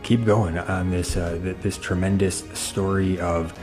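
A man hosting a talk show, speaking in a measured, explanatory way and addressing the viewers. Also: sits low, steady tone, over music. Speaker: host.

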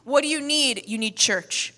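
A woman preacher giving a sermon with energetic, humorous, emphatic storytelling. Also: high voice, moderate pace. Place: church hall. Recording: echoey hall.

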